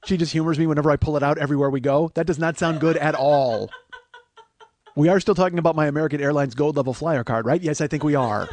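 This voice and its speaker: Fast-talking rambling comedian host. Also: male voice, on the high side, fairly even intonation, a little mellow, a little hiss or hum. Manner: rambling, self-mocking, slips into silly voices. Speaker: podcast host. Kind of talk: casual comedic chat. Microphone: close studio mic.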